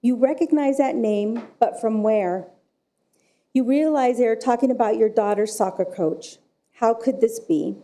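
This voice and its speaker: A woman, a director of forensic services, giving prepared public comment at a council meeting in a slow, measured storytelling delivery. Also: a little high, mellow.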